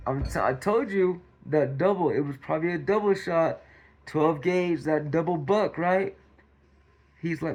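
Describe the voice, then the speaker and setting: A man's voice: fairly high pitch, normal speed, darkish tone. A man from Modesto, California, giving casual, slangy commentary on a news story and acting out scenes with swearing.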